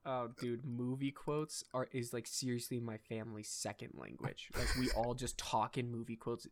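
A man's voice: medium pitch, normal speed, a little hiss or hum. A young adult man hosting a podcast in casual chat, rambling and enthusiastic, swearing casually. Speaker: podcast host.

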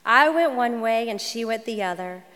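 A woman in her forties, a minister and writer, telling a personal story in a gentle, measured, reflective way. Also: fairly high pitch, expressive. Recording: long hall reverb.

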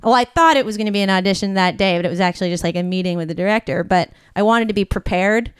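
An actress chatting casually, self-conscious and quick to laugh. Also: female voice, medium pitch, smooth, dry recording. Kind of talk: casual chat.

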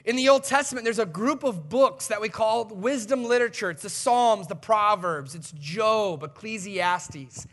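A male pastor preaching a sermon in an animated, conversational way with emphatic swings in delivery. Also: high voice, normal speed, few pauses.

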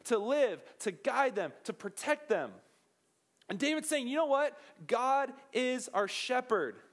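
A young man with a high voice preaches a sermon in a relaxed, animated style, joking with the crowd and acting out little quotes.

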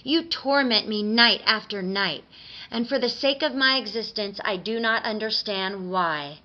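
A woman voicing a tearful, pleading female tooth fairy who wails high, on a dull lo-fi recording. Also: a little slow, sharp tone. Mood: distraught.

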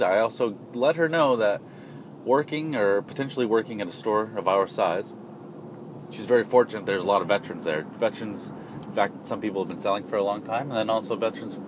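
A man's voice: lowish voice, fairly quick, a little hiss or hum. A man telling a casual personal anecdote in a rambling, self-deprecating way, often restarting his sentences. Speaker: storyteller.

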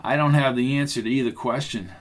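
A man's voice: medium pitch, a little fast, close to an everyday voice. A man narrating an audiobook, voicing a laid-back, plain-spoken cowboy truck driver. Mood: calm.

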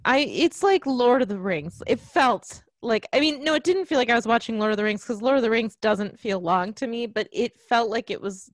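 A woman's voice: on the high side, expressive, moderate pace, hardly any pauses, no echo. A woman co-hosting a podcast in casual chat, joking and wry as she talks. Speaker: podcast co-host.

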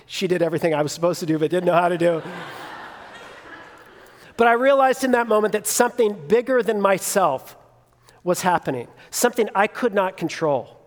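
A pastor in his thirties preaches in a church sanctuary, his high voice moving with lively intonation at a slightly quick clip. He tells a personal story conversationally, full of fillers and restarts, and the hall's long reverb trails after his words.

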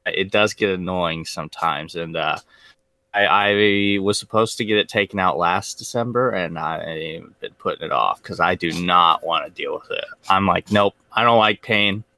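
Man, very deep gravelly voice, bright edge, relaxed podcast co-host. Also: moderate pace, no room sound. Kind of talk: casual chat.

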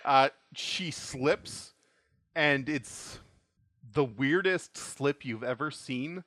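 A man's voice: medium pitch, very slow, fairly bright tone, dry recording, studio quality. Laid-back man running a tabletop game. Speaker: game master. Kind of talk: narrating a tabletop game over a call.

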